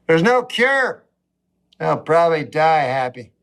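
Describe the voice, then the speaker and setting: A man doing a rambling, wry stand-up routine, swinging between low mutters and a raised voice. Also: very animated, measured pace, creaky, a bit bright. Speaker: stand-up comedian.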